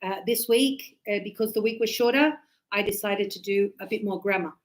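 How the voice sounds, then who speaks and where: A woman teaching English pronunciation to a class, animated, acting out examples and checking often that everyone understands. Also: mid-range voice, moderate pace, low-quality recording.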